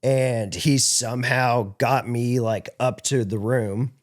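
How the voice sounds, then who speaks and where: A man's voice: mid-range voice, steady tone, slow pace. Rambling man telling a podcast story. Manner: rambling, full of filler words and swearing. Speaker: podcast guest. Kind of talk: casual storytelling. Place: podcast studio.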